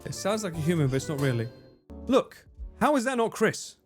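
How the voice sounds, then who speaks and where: Animated, lively-voiced male streamer. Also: sits high, fairly quick, soft background music. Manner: laughs often and swears freely. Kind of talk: casual livestream chat.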